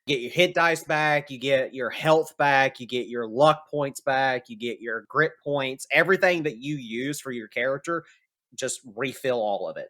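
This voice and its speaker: A man's voice: mid-range voice, moderate pace, pushed and bright. A man narrating as game master of a tabletop game, casual and hesitant with fillers.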